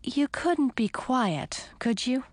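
Audiobook: young frog princess read by a woman, exasperated and lively, dry sound. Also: high-pitched, takes it slowly, no room sound, voice pushed up, exaggerated voice. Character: sharp-tongued young female frog princess. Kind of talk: audiobook character voice.

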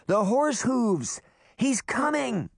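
A man voicing an eager little girl who talks quickly with excitement. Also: mid-range voice, no echo, clean studio sound, pitched above the performer's own voice. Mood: excited.

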